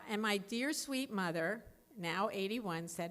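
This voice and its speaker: A woman in her fifties giving a candid, animated personal talk as a speaker at a recovery meeting. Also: medium pitch, takes it slowly, few pauses. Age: 50s.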